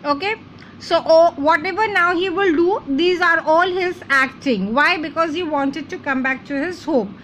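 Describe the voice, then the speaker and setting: A woman's voice: extremely high pitch, unhurried, fairly bright tone, slight background noise, rough recording. A woman teacher, reading a chapter aloud and explaining word meanings as she goes. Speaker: English teacher.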